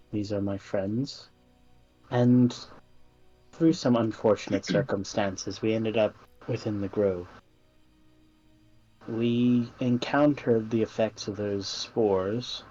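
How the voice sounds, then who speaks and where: A man voicing Sister Liliboria, a courteous female nun adventurer who introduces her party in measured, formal speech. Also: fairly low pitch, warm tone, dull audio.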